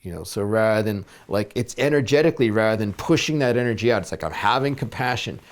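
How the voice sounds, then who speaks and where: A man talking as a therapist and spiritual coach in a reflective video blog, gentle and searching, with many fillers and restarts. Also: fairly low pitch, lively intonation, fast.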